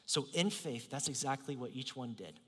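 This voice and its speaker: A male pastor preaching a sermon in a church, swinging from loud emphasis to near whispers. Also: medium pitch, expressive, normal speed, slightly rough, big-room sound. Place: church sanctuary.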